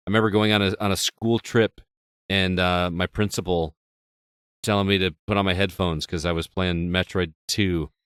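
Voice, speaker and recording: A man with a very deep voice hosts a casual chat, relaxed and reminiscing. The sound is dry and close. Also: moderate pace, clean tone, dry recording. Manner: relaxed, nostalgic, steers the talk. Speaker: podcast host.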